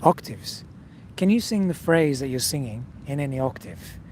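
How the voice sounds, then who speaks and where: In this casual singing lesson on video, the man's mid-range, darkish voice is expressive and moderately paced. He coaches the viewer head-on with frequent "okay?" check-ins, over a little hiss or hum.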